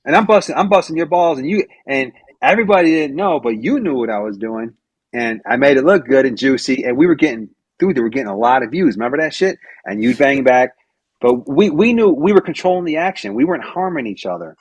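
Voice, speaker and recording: Husky, lively man bragging on a stream. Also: medium pitch, brisk, dry recording. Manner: boastful, swears freely, laughs. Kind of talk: casual stream banter.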